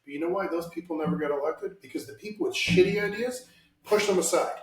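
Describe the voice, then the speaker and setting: A man's voice: a little high, fast, distant mic. A man hosting a casual podcast, speaking bluntly about politics and swearing freely. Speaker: podcast host. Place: home room, lives in Washington state. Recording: roomy echo, somewhat off-mic.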